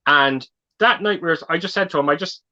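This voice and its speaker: A man's voice: on the high side, brisk, sharp tone, dull audio. A man in a casual livestream chat, telling rambling stories and often repeating his words.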